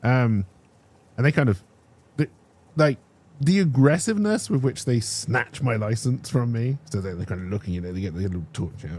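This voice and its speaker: A young man telling a casual personal story as a streamer, animated and restarting his sentences, checking in with "right?". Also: mid-range voice, normal speed, husky.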